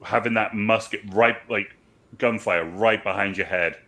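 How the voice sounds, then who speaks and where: A man co-hosting a movie review show, chatting casually and jumping in eagerly with quick remarks. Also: lowish voice, fairly even intonation, pushed and bright. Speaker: movie review podcast co-host. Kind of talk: casual chat.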